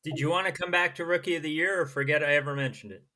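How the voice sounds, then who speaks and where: Male podcast host, slightly higher voice, teasing, quick questions, casual chat. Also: bright, forceful tone.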